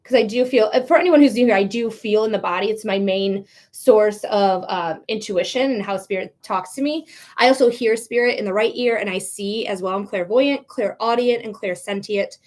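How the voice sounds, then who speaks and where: A woman's voice: mid-range voice, normal speed, a little mellow. A woman giving live tarot readings on a stream, chatty and encouraging, talking straight to her viewers. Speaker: psychic reader.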